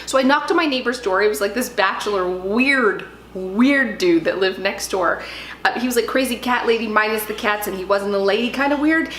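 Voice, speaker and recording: A woman tells stories to camera. She is chatty and self-deprecating, and often laughs at herself. Her voice sits a bit high, and it echoes around the room. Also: fast, few pauses, a bit bright, slight background noise. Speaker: home organizing vlogger. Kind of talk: casual storytelling to camera. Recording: roomy echoey indoor sound.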